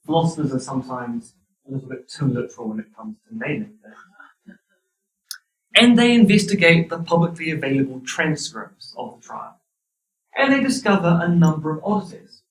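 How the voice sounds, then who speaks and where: A man's voice: fairly high pitch, a bit bright. A man with a New Zealand accent giving a university lecture, with a wry, dry sense of humor. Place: lecture hall. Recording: roomy hall, distant mic.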